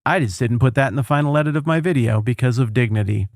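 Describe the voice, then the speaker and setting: A man's voice: medium pitch, quick pace, no room sound, studio quality. A man hosting a podcast in casual conversation, telling stories with animation and acting out the people he quotes. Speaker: podcast host.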